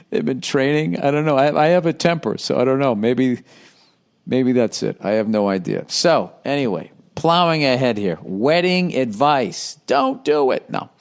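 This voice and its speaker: A man's voice: medium pitch, normal speed, clean tone. Profane, rambling man hosting a podcast. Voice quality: profane, rambling, with sudden excited outbursts. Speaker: podcast host. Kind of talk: casual solo podcast monologue reading listener letters.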